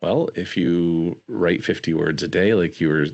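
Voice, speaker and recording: A man hosting a casual interview, telling stories in a relaxed way. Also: sits low, a little slow, dull audio. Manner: relaxed storyteller, laughs easily. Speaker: podcast host.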